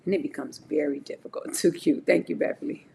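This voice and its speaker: A middle-aged woman talking on a live stream, giving an animated, preachy motivational talk about faith and speaking straight to her chat. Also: low-pitched, brisk, creaky, slight background noise.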